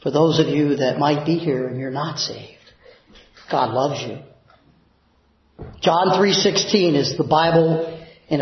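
A male pastor preaching a sermon in a church, emphatic, dropping low and soft for prayers. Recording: very echoey, dull church recording.

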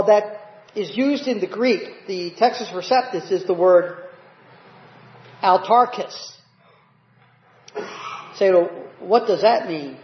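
A male pastor preaching a sermon, often asking the congregation "Amen?". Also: high voice. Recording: roomy, dull church recording.

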